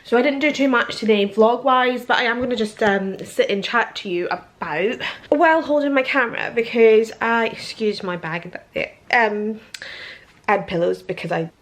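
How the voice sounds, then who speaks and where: A woman's voice: fairly high pitch, moderate pace. A young woman chatting casually to a handheld camera at home, emotional and close to tears, rambling with many ums. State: teary and tired. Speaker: vlogger. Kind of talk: casual vlog chat. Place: at home indoors.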